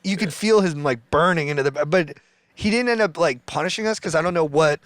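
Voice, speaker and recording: A man's voice: fairly high pitch, a little fast, a bit bright, no echo. A man talking casually as a podcast guest and comedian, chatty and agreeable, chiming in with short replies. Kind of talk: casual storytelling chat.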